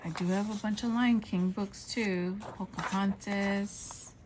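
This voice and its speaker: A woman's voice: medium pitch, steady tone, takes it slowly, noisy background. A woman vlogger narrating a casual show-and-tell of craft supplies, gushing and exclaiming over each item.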